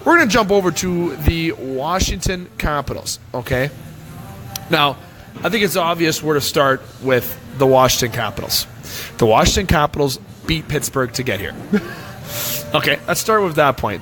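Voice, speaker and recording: Casting note: talkative Canadian man hosting a sports show, energetic, faint music behind him. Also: a little high. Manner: rambling, opinionated, energetic. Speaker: sports talk show host. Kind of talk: casual hockey talk. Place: restaurant.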